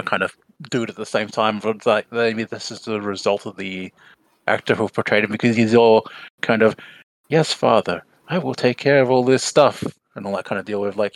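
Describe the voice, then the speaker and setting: A man with a somewhat low voice, recorded dry with almost no room sound. He chats casually on a podcast, pausing with "um"s as he searches for the right word. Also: a bit bright, no room sound. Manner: searching for words, hesitant "um"s. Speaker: podcast co-host.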